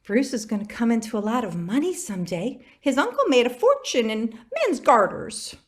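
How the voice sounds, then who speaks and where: A woman's voice: on the high side, sing-song, moderate pace. A woman playing a sarcastic female ghost of dropped lines in a stage play, taunting and theatrical.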